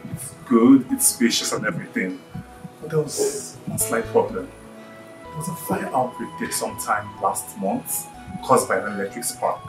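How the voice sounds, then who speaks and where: Dude doing a plain-talking guy explaining stuff, lowish voice, echoey room. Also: expressive, normal speed, music in the background, lightly acted. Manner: explaining, matter-of-fact. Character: matter-of-fact man describing a venue.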